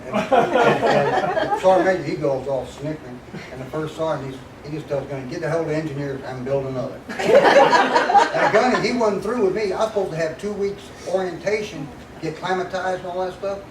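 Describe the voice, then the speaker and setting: A man's voice: high voice, sing-song, moderate pace, a loud crowd. Older man spinning a folksy story. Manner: folksy, laughing as he tells it. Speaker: guest speaker. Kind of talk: storytelling talk to an audience. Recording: echoey hall, mic at a distance, noisy.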